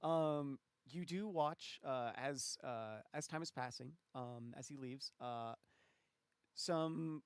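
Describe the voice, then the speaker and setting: A man's voice: medium pitch, slow pace, a little hiss or hum. Young man running a tabletop game. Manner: casual, hesitant with many fillers. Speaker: game master. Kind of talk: running a tabletop role-play session.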